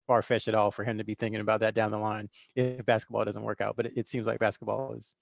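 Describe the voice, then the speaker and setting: A man with a gravelly, fry-tinged voice co-hosts a sports podcast, talking in long animated runs. The sound is dry and close. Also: fairly low pitch, fast talker, no echo. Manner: rambling, animated, laughs often. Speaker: podcast co-host, recruiting analyst. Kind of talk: casual sports podcast chat.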